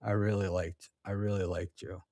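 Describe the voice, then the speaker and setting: A man's voice: low-pitched, level tone, normal speed, warm tone, no room sound, studio quality. A man hosting a casual livestream, reading chat and talking with rambling, sarcastic asides and lots of ums.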